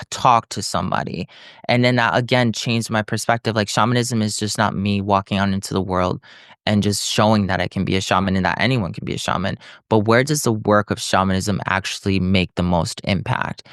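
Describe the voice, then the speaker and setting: A man's voice: medium pitch, clean tone, no echo, studio quality. A young man, a podcast guest, telling his story in conversation and acting out what others said to him. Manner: animated storytelling, acting out other people's lines, frequent "like".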